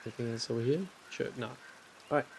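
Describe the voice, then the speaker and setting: A man's voice: mid-range voice, level tone, quick pace, a little hiss or hum. A man streaming a game, chatting casually and offhandedly while he explores. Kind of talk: casual let's-play chat.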